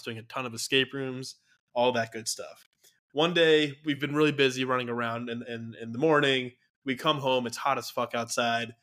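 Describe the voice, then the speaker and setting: A man co-hosting a podcast, telling stories in an animated, slangy way and laughing often in casual chat. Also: medium pitch. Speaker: podcast co-host.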